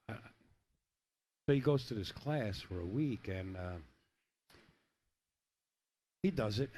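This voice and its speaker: Between shots of a pool match, a middle-aged man tells jokes while rambling through chatty play-by-play. He speaks in a mid-range voice with a darkish tone, over a little hiss or hum.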